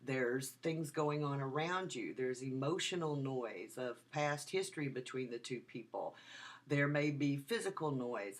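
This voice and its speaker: A woman giving a recorded video lecture as a university lecturer, talking in an animated, emphatic way and repeating her key points. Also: very deep voice, measured pace.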